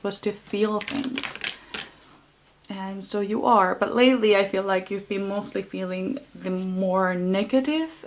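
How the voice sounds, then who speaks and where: A woman giving an intuitive tarot reading to her viewers, talking in a soft, heartfelt and rambling way. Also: mid-range voice, creaky, slight background noise. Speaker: tarot card reader.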